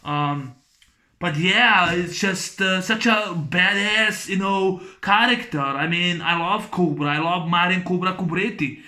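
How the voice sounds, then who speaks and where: Excitable man rambling about a movie. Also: high-pitched, unhurried. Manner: rambling, excited, many restarts and fillers. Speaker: YouTube film reviewer. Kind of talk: casual movie discussion.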